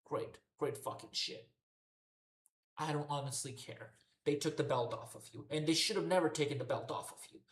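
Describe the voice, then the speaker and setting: A woman whose voice sits low reviews a wrestling show in a heated, profanity-laden rant at a moderate pace. Exasperated, she says the same things over and over, and the recording echoes in a roomy room.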